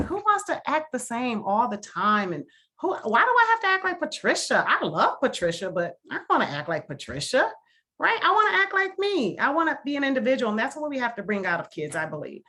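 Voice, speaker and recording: A woman's voice: high voice, big pitch swings, fairly quick, pushed and bright. Milwaukee woman, guest speaker on a video call, earnest and emphatic, repeats her points for weight. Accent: Milwaukee, Wisconsin. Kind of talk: casual talk to a video call discussion.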